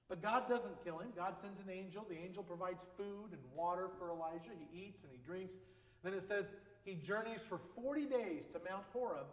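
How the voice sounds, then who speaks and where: Man, pastor, high-pitched voice, casual conversational sermon, long reverb, roomy sanctuary. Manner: conversational, joking asides. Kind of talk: informal sermon. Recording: echoey hall with long reverb.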